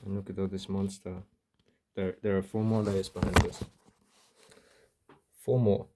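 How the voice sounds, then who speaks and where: A man's voice: low voice, flat delivery, a little slow, heavy background noise. A young man chatting casually on a live stream, rambling playfully and toying with mock accents.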